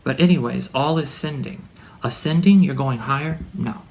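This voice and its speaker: A man delivering a rambling spiritual monologue to his son. He is preachy and full of wordplay, and he swings from loud declarations to hushed asides. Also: medium pitch, normal speed, slight background noise. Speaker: religious speaker addressing his son.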